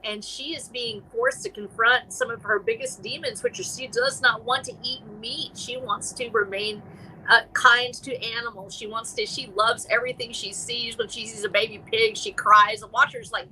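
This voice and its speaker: A middle-aged woman, chatting as a guest author on a live stream, rambling and animated with many restarts. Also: fairly high pitch, moderate pace, slight background noise, poor audio. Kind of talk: casual chat.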